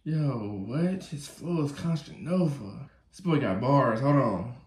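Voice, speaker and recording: A man's voice: mid-range voice, lively intonation, slow pace. Hyped man hosting a reaction video. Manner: hyped, chatty, talks to viewers directly. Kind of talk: casual reaction commentary. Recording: echoey room, faint music behind.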